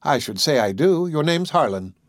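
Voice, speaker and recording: A man's voice: a little high, very animated, normal speed, dry recording, clean studio sound, pitched above the performer's own voice. A man voicing a poised young society belle. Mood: bright. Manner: lightly gentle, socially polished.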